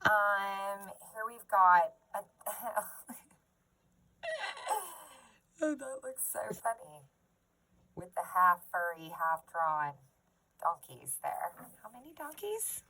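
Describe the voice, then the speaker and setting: A woman's voice: medium pitch, lively intonation, slow pace, pauses often, pushed and bright, dry recording, low-quality recording. A woman crafter chatting casually as she shows off her book collection, gushing and giggling, recorded on a phone. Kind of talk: casual show-and-tell chat.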